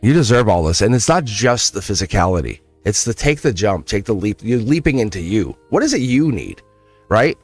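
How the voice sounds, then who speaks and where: Lively low-voiced man reading tarot. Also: normal speed, faint music behind. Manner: animated, chatty, laughs often, talks straight to viewers. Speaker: tarot reader streaming live. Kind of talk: casual live-stream chat.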